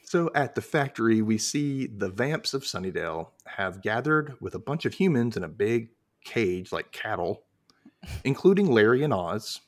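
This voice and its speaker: Casting note: male podcast host, lively swinging intonation, jokey recap banter. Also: lowish voice, moderate pace. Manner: animated, jokey, acts out characters' lines. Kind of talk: casual recap chat.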